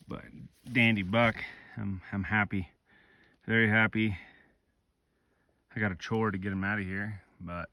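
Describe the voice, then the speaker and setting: A man telling his hunt story outdoors in remote mountain country, excited and emotional, swearing freely in casual vlog talk. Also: lowish voice. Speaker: hunter filming himself.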